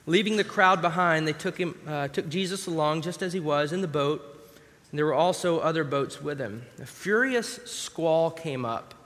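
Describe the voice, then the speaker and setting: A pastor preaches a sermon conversationally, acting out scripture scenes as he reads. His fairly high voice is a bit bright and moves at normal speed, and the recording carries a long hall reverb.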